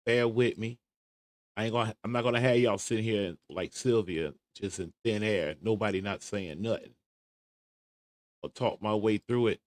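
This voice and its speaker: A man's voice: on the low side, moderate pace. A man hosting a casual livestream commentary show, chattily talking himself through searching for a clip. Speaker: show host.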